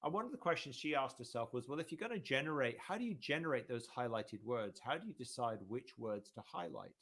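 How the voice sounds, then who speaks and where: A male professor giving an academic lecture in a relaxed, conversational way, with frequent ums and restarts. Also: mid-range voice, fairly quick, breathy edge. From United Kingdom.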